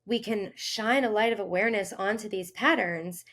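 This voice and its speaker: A woman hosting a health podcast, talking earnestly in a casual monologue and acting out inner voices with sudden lifts in pitch. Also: moderate pace, fairly bright tone. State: briefly tearful. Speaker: health coach and podcast host.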